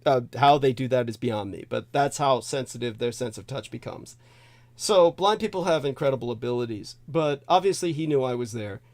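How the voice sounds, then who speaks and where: A man's voice: mid-range voice, animated, moderate pace, darkish tone. A male host telling a long personal story in a digressive, repetitive way, chuckling now and then. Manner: digressive, repeats himself, chuckles as he tells it. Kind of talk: rambling spoken storytelling.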